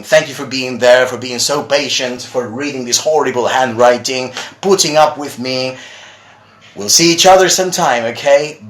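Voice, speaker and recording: A man teaching English pronunciation on a live stream, chatting and reading out viewers' comments. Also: medium pitch. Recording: echoey room.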